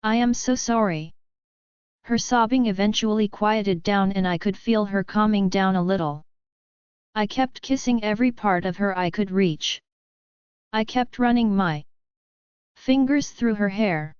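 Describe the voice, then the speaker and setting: A woman narrating a romance audiobook in a soft, steady first-person read. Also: medium pitch, measured pace, smooth, no echo, dull audio.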